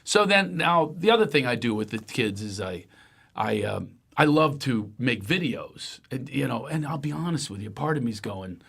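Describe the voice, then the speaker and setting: A middle-aged man hosting a show, telling comic family stories with lively voices and laughs. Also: medium pitch, normal speed, vocal fry, slightly rough. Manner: animated, acts out voices and sounds, laughs often. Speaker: show host. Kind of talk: comic storytelling, casual chat.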